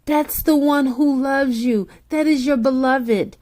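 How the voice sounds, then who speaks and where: A woman's voice: sits high, fairly even intonation, slow pace, darkish tone. A woman tarot reader speaking straight to the listener in a soothing spiritual pep talk, repeating her encouragements.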